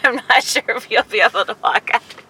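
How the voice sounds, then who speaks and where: A woman's voice: on the high side, fast, sharp tone, slightly rough, rough recording. A woman co-hosting a casual chat in a car, teasing and giggling.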